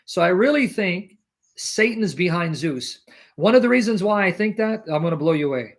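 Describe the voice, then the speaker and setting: A man making an emphatic theological argument as a Christian apologist, full of rhetorical questions and pauses to clear his throat. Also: high voice, lively intonation, a little hiss or hum.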